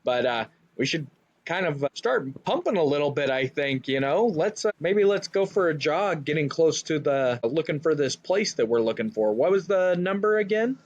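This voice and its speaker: A man's voice: fairly high pitch, lively intonation, moderate pace, no room sound. A man playing a tabletop game, chatty and playful, with lots of fillers. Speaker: player. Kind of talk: casual in-character tabletop play. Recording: dull lo-fi sound.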